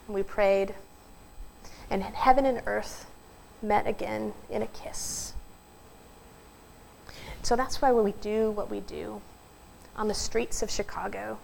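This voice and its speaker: A woman pastor preaching a sermon, telling stories in an earnest way and slowing down for emphasis. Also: medium pitch, gravelly, slight background noise, rough recording. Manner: storytelling, earnest, slows for emphasis.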